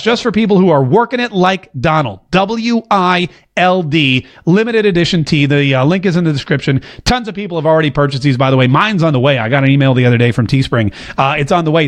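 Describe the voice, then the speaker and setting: A man with a slightly high voice hosts a casual political commentary show, talking to a camera. He is animated and jokey, and he slips into a drawl when quoting someone.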